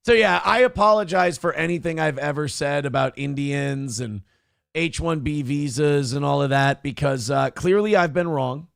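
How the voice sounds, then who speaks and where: A man's voice: on the high side, normal speed, creaky, fairly bright tone, clear, resonant tone, dry recording, studio quality. A man hosting a morning show, talking in a crude, profane and mocking way as casual opinionated chat.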